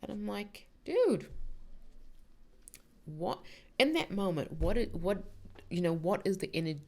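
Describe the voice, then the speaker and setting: A woman's voice: medium pitch, normal speed, a little mellow. A middle-aged woman hosting a podcast, talking casually and rambling with lots of fillers and restarts about spiritual ideas. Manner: chatty, rambling, many "like"s and restarts. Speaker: podcast host.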